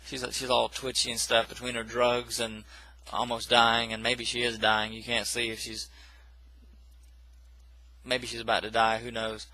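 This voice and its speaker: A man's voice: medium pitch, completely flat delivery, a little slow, sharp tone, no echo, rough recording. A man casually recapping a film plot in a rambling, self-correcting way, with dismissive asides. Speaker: movie reviewer.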